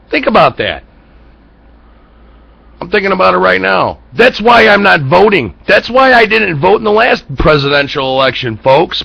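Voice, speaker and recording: Gravelly high-voiced ranting man. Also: bright, forceful tone, no room sound, dull audio. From United States. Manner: blunt and profane, heated rhetorical questions. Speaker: internet radio talk show host. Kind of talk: political commentary rant.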